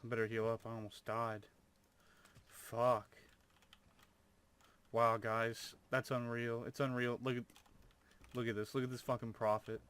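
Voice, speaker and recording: A man's voice: mid-range voice, level tone, unhurried, long pauses, fairly bright tone, clean tone. A young man commentating his own gameplay, full of over-the-top amazement and swearing. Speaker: gamer.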